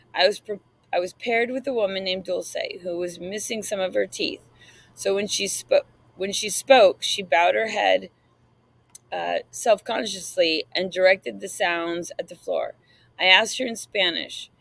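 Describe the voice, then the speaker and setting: A woman narrates an audiobook in the first person, reading in a measured and reflective way. Her voice has a noticeable gravelly fry. The sound is dry and close to the mic. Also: mid-range voice, fairly bright tone, no echo, low-quality recording.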